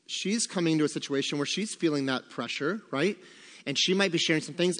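A man's voice: on the high side, long reverb tail. A man leading a church group in casual devotional talk, acting out his own worried voice in quotes. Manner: animated, acts out quoted worries.

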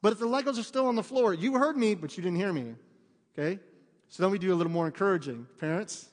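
Speaking quickly in a high, animated voice, a man in his thirties delivers a conversational sermon. He's a pastor in a church sanctuary, and the long reverb of the hall follows him as he moves from joking asides into fervent emphasis.

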